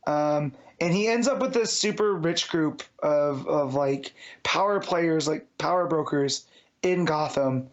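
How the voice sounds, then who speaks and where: A man's voice: a little high, unhurried. Man with a muffled lo-fi sound. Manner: rambling, many fillers and restarts. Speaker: podcast co-host. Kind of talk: casual comic book review chat. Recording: dull lo-fi sound.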